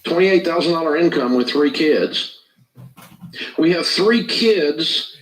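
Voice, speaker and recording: Radio advice host, distant roomy sound. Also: male voice, a little high, expressive. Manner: measured, pointed, stresses figures. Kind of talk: radio call-in advice commentary.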